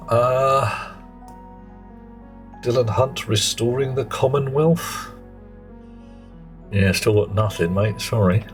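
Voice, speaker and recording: Guy streaming, kinda low voice, rambly and chatty, muttering as he plays, soft music behind. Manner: rambling, chatty, muttering to himself while playing. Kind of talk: casual live gaming commentary.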